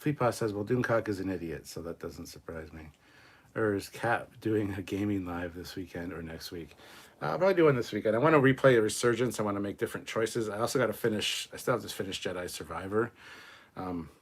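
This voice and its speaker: A man with a lowish, breathy-edged voice hosts a casual livestream, reading viewer comments aloud. His answers are rambling, profane, and self-mocking.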